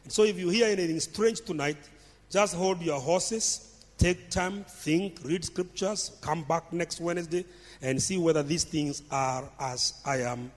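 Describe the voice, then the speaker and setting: A man's voice: fairly high pitch, unhurried. A man preaching a sermon as pastor, emphatic and stressing points by repeating phrases. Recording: long hall reverb.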